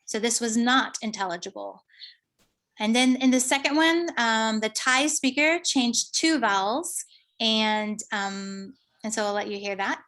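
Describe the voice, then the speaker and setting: During her conference presentation, a woman researcher unpacks her findings in stages, frequently stopping and filling gaps with fillers. She speaks with a fairly high, slightly bright voice.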